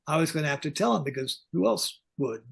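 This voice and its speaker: A man's voice: on the high side, a little fast, creaky, husky. An older man, a veteran pyrotechnics technician, telling blunt, joking stories in an interview over a video call. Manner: blunt, joking, animated anecdotes. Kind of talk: casual storytelling interview.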